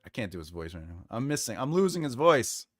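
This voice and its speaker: Playful man with a very lively voice. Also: medium pitch, quick pace, no room sound, clean studio sound. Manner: playful, laughs often, tries cartoon voices. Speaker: writing channel host. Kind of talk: casual livestream chat.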